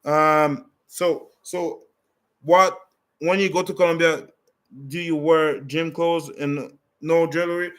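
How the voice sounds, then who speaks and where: A male vlogger speaks straight to his viewers and answers their questions in a loose, meandering way. He is frank and direct, often restarting his sentences, and his voice sits somewhat high for a man. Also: fairly even intonation, slow pace, a bit bright. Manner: rambling, with many restarts and fillers; blunt and direct.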